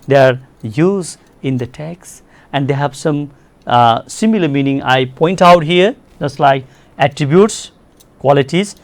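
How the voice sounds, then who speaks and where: Man, nepali accent, english teacher, fairly high voice, dry close sound, repetitive lecturing. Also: no room sound. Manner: repeats words, addresses "my dear students". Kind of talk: classroom lecture on television.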